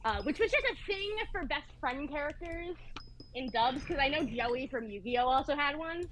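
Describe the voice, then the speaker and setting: A young woman streaming a game and chatting casually, with a vocal fry and a rambling valley-girl lilt full of "like"s. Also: high voice, expressive, moderate pace, fairly bright tone, slight background noise. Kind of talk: casual chat while gaming.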